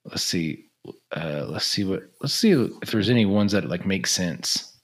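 Brief: podcast co-host, male, lower voice, casual and jokey, reads lists aloud. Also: expressive, measured pace. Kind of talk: casual chat.

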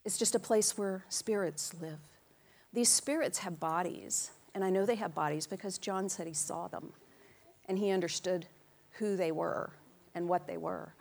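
An animated woman preaching a sermon in a church, swinging from quiet storytelling to loud calls out to the congregation. She acts out the quotes in playful put-on voices. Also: lowish voice, normal speed, creaky.

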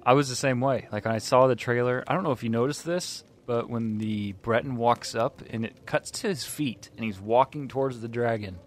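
A man co-hosting a podcast in casual chat, enthusiastic and quick to agree. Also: mid-range voice. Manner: enthusiastic, animated, frequent agreeing interjections. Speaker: podcast co-host.

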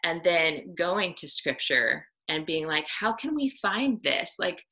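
A woman's voice: lowish voice, very animated, slow pace, pushed and bright, rough recording. A woman giving a casual devotional talk to a women's Bible study group, earnest and conversational, with frequent ums and "right?" tag questions.

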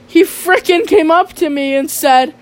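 A woman's voice: very high-pitched, measured pace. A woman telling stories in a casual vlog monologue. She talks in a rambling, slangy way, swears a lot and turns sarcastic. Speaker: vlogger.

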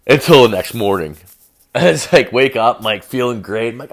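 A man's voice: mid-range voice, normal speed. A young man telling a story in a casual, rambling monologue, swearing constantly and saying "like" all the time. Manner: profane, rambling, heavy use of filler "like". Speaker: podcast host.

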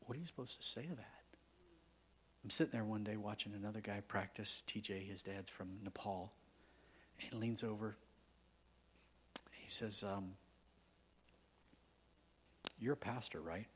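A man preaching a sermon as a guest pastor, telling stories in a conversational way and swinging from hushed whispers to loud, emphatic outbursts. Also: fairly low pitch, moderate pace, long pauses, a little hiss or hum.

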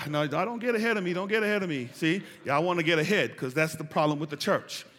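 A man, preaching a sermon with call-and-response and building to shouts. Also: on the high side, a little fast, a little hiss or hum. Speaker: pastor. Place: large church hall. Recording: reverberant church hall.

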